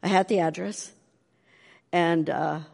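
A woman's voice: fairly low pitch, slow, creaky, big-room sound. An older woman tells her testimony animatedly, acting out the voices of the people in her story. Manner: animated, acts out quoted voices. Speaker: speaker giving a testimony.

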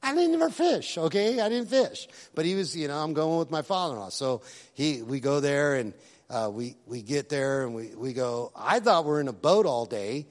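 Male pastor, somewhat high voice, relaxed storytelling sermon with asides, long hall reverb. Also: normal speed. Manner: conversational storytelling preaching with asides.

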